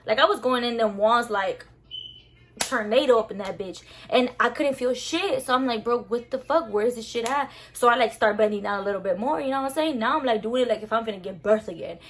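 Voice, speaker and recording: A young woman telling a story to her viewers in a casual, animated, slangy way, full of swearing. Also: on the high side, brisk, a little hiss or hum. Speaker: vlogger.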